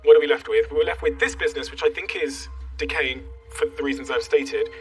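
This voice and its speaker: A direct male investor rattles through his reasoning at a quick clip, mid-pitched and firm. He sounds a little distant from the mic, with faint music beneath. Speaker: investor on a panel. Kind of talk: investor's verdict.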